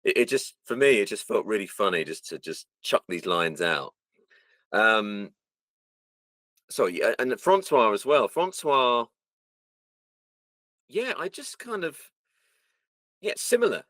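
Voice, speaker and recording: A voice actor guest with a mid-range voice chats casually in an interview about his work, animatedly telling stories and acting out lines. He speaks a little slowly with long pauses, recorded close and dry with no room sound.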